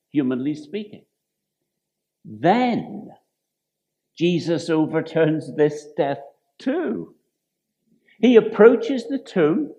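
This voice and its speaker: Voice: mid-range voice, warm tone. A preacher giving a reflective sermon, who stumbles, corrects themself and asks the listeners rhetorical questions. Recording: dull lo-fi recording.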